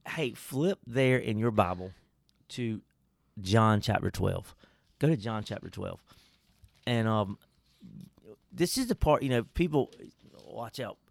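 A man's voice: lowish voice, lively intonation, slow, creaky, pauses often, no room sound. A man, a pastor co-hosting a casual Bible-study chat, emphatic and folksy with preacherly asides.

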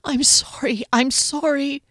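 A frightened young warrior woman cries out in a high, strained voice, as a woman narrator puts her on. She sounds cornered and raw. The audiobook recording is dry and close. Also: fairly even intonation, slow pace, fairly bright tone, no echo. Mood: remorseful.

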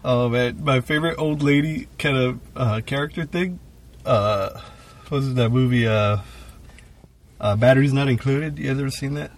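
A man's voice: medium pitch, normal speed. Rambling, profane young man storyteller. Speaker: guest co-host and comedian. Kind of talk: casual podcast chat.

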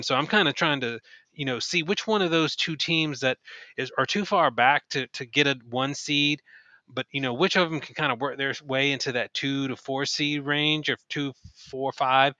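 A man's voice: medium pitch, moderate pace, pushed and bright, no room sound, dull audio. A man co-hosting a sports podcast, talking in a hedging way with frequent restarts. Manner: hedging, restarts often, many fillers. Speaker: podcast co-host. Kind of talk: casual sports chat.

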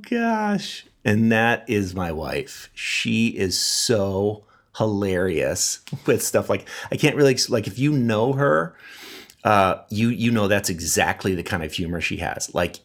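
A man's voice: fairly low pitch, slow pace. A middle-aged man with a wheezy voice from a cold, chatting casually as a podcast host and laughing at his own stories. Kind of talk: casual monologue.

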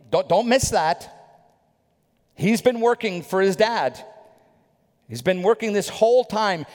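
A man preaching a sermon with animated storytelling, rhetorical questions and quick asides. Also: sits high, long reverb tail.

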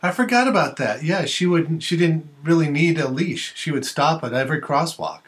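Low-key man hosting a podcast. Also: animated, normal speed, fairly bright tone. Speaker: podcast host. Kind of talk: casual podcast chat. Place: podcast studio.

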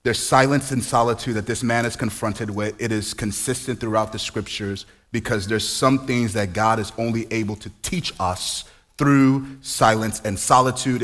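A man's voice: mid-range voice, fairly bright tone. A man in his forties preaching a sermon in a conversational way, full of rhetorical questions and playful asides. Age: 40s. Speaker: pastor.

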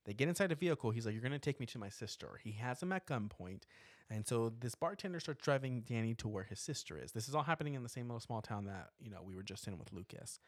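A man recaps a horror film in loose, chatty podcast talk, full of "um" and "like" and quick laughs. His pitch swings widely as he tells it, and the sound is dry and close. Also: no echo. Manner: animated storytelling with frequent laughs and fillers. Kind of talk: casual chat.

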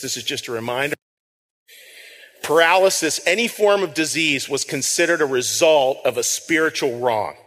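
Man, pastor, conversational sermon, repeats words, somewhat high voice, reverberant hall. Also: fairly bright tone. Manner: conversational, repeats words, reads scripture aloud. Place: church sanctuary.

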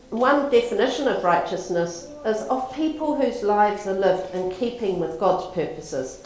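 A woman's voice: medium pitch, a little mellow. Woman preaching in a very echoey room. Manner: storytelling, conversational. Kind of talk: sermon.

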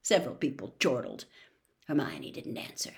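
A woman reading a novel aloud as a storyteller, expressive and quick, sometimes dropping to a whisper. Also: extremely low pitch, creaky.

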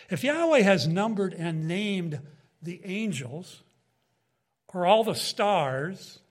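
A man with a notably high-pitched voice delivers a Bible teaching in sermon style. His delivery is emphatic, rising and falling. He turns often to his listeners with quick asides. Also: fairly bright tone. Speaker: preacher.

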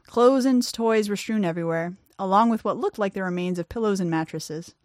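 A woman reads her own fiction aloud in a medium-pitched voice. She acts out each character's lines and pushes her voice up in the tense moments. The recording is close and dry, with no room sound around her. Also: brisk, darkish tone, no echo. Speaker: author reading her own story. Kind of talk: expressive fiction reading.

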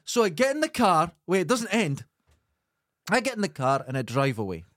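A Scottish man hosting a podcast, telling a comic story in an animated, emphatic way and swearing freely. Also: high-pitched, normal speed, dry recording. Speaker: podcast host. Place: studio.

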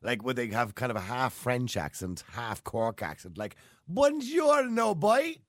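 A man's voice: fairly low pitch, moderate pace, a bit bright, no room sound, clean studio sound. A man hosting a radio chat, jokey and laughing easily. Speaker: radio host.

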